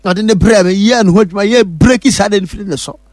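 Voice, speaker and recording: A man's voice: high-pitched, quick pace, darkish tone, no echo, studio quality. A man with a Ghanaian accent, speaking as a pastor who gives testimony and church announcements in an emphatic, repetitive, preacherly way.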